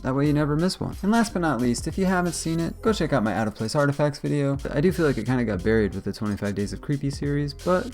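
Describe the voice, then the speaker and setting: Brief: quick male host, chatty reaction commentary, soft music under. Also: medium pitch, expressive. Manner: chatty, rambling, jokey.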